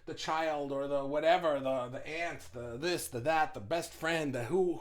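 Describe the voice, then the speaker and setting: Here a middle-aged business owner hands out casual, blunt motivational advice with plenty of swearing, restarting his sentences again and again amid stumbles. His voice is a little high, at a moderate pace with few pauses.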